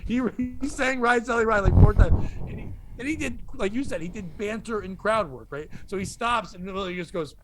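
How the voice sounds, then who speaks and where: A comedian telling a rowdy story on a podcast, laughing through it. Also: male voice, high-pitched, a little fast, over music. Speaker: comedian guest.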